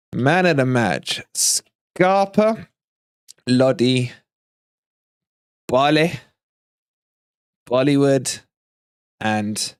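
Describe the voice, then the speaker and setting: A man's voice: mid-range voice, smooth, no room sound, studio quality. Teasing man hosting a live stream. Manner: animated, teasing, laughs often. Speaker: fan channel livestream host. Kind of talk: casual live-stream chat.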